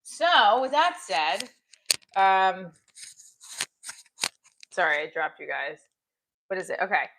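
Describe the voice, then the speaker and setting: A woman's voice: mid-range voice, big pitch swings, slow, long pauses, background noise. A woman, a comedian and actress, chatting on a live stream, thanking viewers and rambling about her shows.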